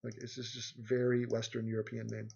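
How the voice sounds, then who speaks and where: Husky, rambling livestream host, man. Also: mid-range voice, completely flat delivery, a little fast, a little mellow, lo-fi sound. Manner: rambling, joking, reads viewer comments aloud. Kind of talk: casual livestream chat.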